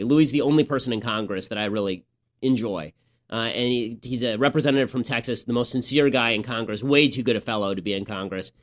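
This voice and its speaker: A man hosting a political commentary podcast, talking in a sarcastic, mocking way. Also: medium pitch. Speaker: podcast host.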